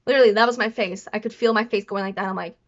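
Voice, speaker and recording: A woman's voice: medium pitch, steady tone, racing. A woman vlogger telling a personal story to camera in a rambling, apologetic way, often stuttering and restarting. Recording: dull lo-fi recording.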